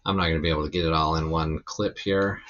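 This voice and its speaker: A man's voice: rumbling low, quick pace, highs cut off, slight background noise. A man teaching a physics lesson in a recorded lecture, explaining loosely with lots of ums and restarts. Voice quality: gravelly when relaxed. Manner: loose, rambling explanation with many fillers.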